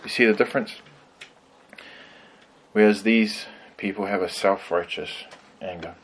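A man teaching a conversational Bible study, thoughtful and pausing with frequent ums. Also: on the low side, steady tone, a little hiss or hum, poor audio.

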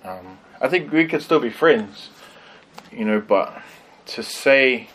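A man teaching a conversational Bible study, thoughtful and pausing with frequent ums. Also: medium pitch, animated, a bit bright, poor audio.

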